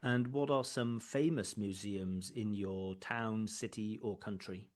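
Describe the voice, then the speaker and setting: An IELTS examiner and teacher with a fairly low, slightly mellow voice comments on a speaking test. He explains mistakes emphatically, repeating words for stress and slowing down to make his points.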